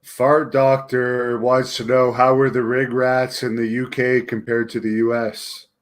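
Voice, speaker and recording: A man's voice: mid-range voice, little pitch movement, measured pace. A man hosting an interview, reading out viewer questions in a plain way.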